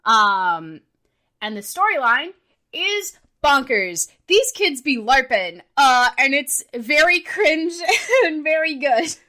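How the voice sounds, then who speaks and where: A woman chats casually on a podcast, rambling along with plenty of fillers and frequent giggles. Her voice is bright and sits a little high. She sounds enthusiastic and relaxed. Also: takes it slowly. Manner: rambling, fills speech with "like" and "um". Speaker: podcast co-host.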